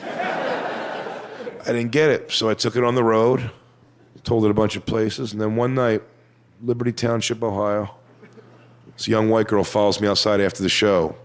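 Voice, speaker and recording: A man performing a stand-up comedy set on stage, telling crude, swaggering stories and sometimes mocking people in high put-on voices. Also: fairly even intonation, normal speed, a little hiss or hum. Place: comedy stage before a live audience.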